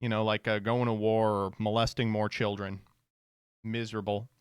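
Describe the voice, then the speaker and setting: A man's voice: on the low side, level tone, moderate pace, clean tone, no echo, clean studio sound. A man streamer giving casual reaction commentary, sardonic and profane, laughing often.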